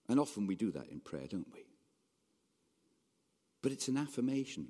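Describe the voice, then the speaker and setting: Brief: male preacher in a church, lively rising and falling delivery, long hall reverb. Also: fairly low pitch, normal speed, pauses often. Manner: conversational, animated preaching with rhetorical questions. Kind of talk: sermon.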